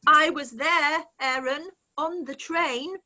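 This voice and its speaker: In an online script reading, a woman voices a mocking female interrogator, a mother-daughter-holy-spirit figure, who taunts and probes. She uses a full character voice that is high, slow, bright, and forceful, captured on a video call mic.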